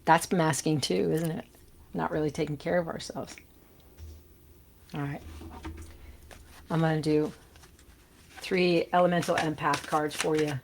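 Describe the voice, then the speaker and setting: A woman's voice: low-pitched, steady tone, unhurried, gravelly, pauses often, a little hiss or hum. A woman giving a casual tarot reading, chatty and reassuring, with loose fillers as she turns the cards. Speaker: tarot reader.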